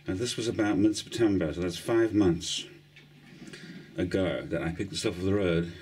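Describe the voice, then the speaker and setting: A man's voice: low-pitched, normal speed, a little mellow, a little hiss or hum. A middle-aged man from South Africa, chatting in a meandering, self-mocking way to a handheld camera. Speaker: vlogger. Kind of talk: rambling casual vlog. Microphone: handheld camera mic.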